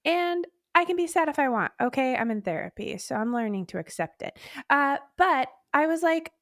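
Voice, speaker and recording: A woman's voice: high-pitched, expressive, moderate pace, no room sound, clean studio sound. A woman co-hosting a podcast in casual chat, affectionate, teasing and candid. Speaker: podcast co-host.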